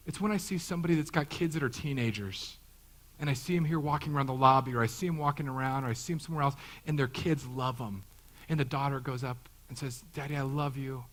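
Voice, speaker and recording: A man's voice: fairly high pitch, fairly quick, fairly bright tone, low-quality recording. A man in his thirties, a pastor giving a conversational sermon, joking and acting out the voices he quotes. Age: 30s.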